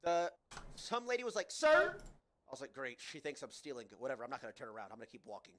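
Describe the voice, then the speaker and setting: A man's voice: medium pitch, fast, roomy sound. A young man telling a story as a podcast host, casual and profane, exasperated, calling listeners "bro.". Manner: profane, animated, exasperated, says "bro" often.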